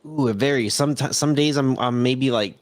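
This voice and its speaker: A man with a Southern Californian accent co-hosting a casual live-stream podcast, laid-back and quick to laugh, playing with accents. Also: mid-range voice, no room sound. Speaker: podcast co-host.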